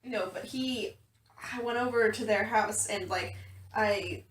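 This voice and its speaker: A woman's voice: medium pitch, measured pace. A young woman telling stories to a friend in casual chat, swearing and laughing as she goes. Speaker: podcast co-host. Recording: echoey room, a bit far from the mic.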